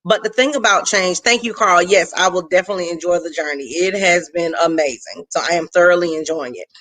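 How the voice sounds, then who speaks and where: Bright-voiced woman hosting a faith stream. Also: fairly low pitch, a little fast. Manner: chatty, greets viewers, Southern "y'all". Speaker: host of a faith-based live stream. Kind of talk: casual live-stream talk.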